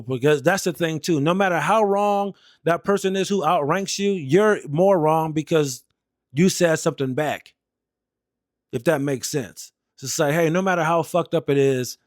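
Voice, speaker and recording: A man's voice: a little high, dry recording, clean studio sound. A young American man and Air Force veteran telling stories in a blunt, heated, profane way. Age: young adult. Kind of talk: casual storytelling rant.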